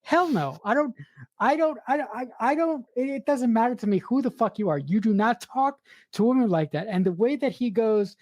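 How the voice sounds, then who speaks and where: A woman's voice: on the high side, lively intonation, normal speed, darkish tone, no echo. Emphatic woman podcast co-host, dry sound. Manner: emphatic, restarts and swears when worked up. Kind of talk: casual movie review chat.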